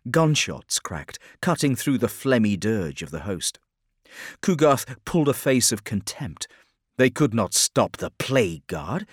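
A man reading a grim dark fantasy story in a steady, measured narration. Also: lowish voice, no echo, studio quality. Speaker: audiobook narrator. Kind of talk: scripted narration.

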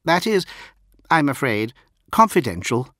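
A man voicing a short, strong-willed young woman officer who speaks crisply and gives little away, in an audiobook. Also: fairly high pitch, very animated, unhurried, fairly bright tone, no echo, clean studio sound, pitched above the performer's own voice. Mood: guarded.

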